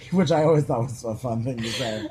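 A man's voice: medium pitch, moderate pace, noisy background. A man co-hosting a podcast in casual chat, rambling with many "like" fillers and casual swearing. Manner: chatty, heavy "like" filler, swears freely. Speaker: podcast co-host.

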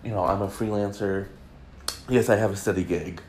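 A man's voice: on the low side, steady tone, normal speed, darkish tone, a little hiss or hum. A man hosting a podcast alone, rambling and joking in casual chat with lots of fillers. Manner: rambling, chatty, jokey, many fillers. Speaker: podcast host.

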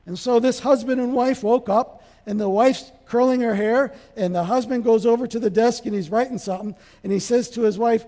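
Male pastor, high voice, lively sermon delivery that jumps between loud and quiet, long reverb of a big hall. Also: normal speed, few pauses. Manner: animated, acts out dialogue, shifts from loud to soft.

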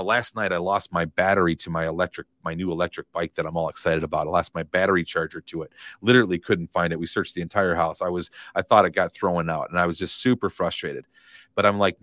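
A man's voice: sits low, steady tone, a little fast, a bit bright, no echo. A man, a real estate coach, talking earnestly in a casual podcast interview, motivational and given to repeating his phrases.

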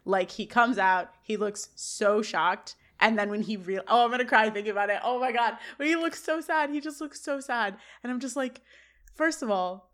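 A woman's voice: on the high side, moderate pace, a bit bright. A woman co-hosting a podcast, recapping an episode scene by scene and reacting emotionally with many restarts. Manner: emotional, gushing, trailing restarts. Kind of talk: casual chat and scene recap.

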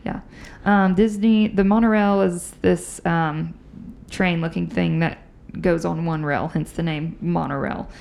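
A woman's voice: fairly low pitch, a little slow, creaky, hardly any pauses. A woman hosting a podcast, telling ghost stories in a chatty, casual way. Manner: chatty, animated storyteller. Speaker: podcast host. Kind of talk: casual chat, storytelling.

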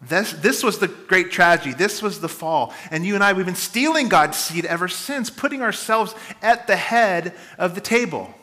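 Man preaching, bright voice, slightly high, dynamic, loud then hushed. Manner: dynamic preaching, swinging between loud emphasis and quiet asides. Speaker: pastor. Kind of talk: sermon.

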